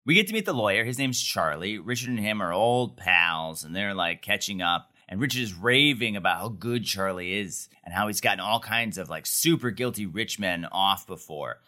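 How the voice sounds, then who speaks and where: A man's voice: on the low side, lively intonation, moderate pace, hardly any pauses, bright, forceful tone. A man co-hosting a podcast, recapping a TV episode in casual, wry, joking chat.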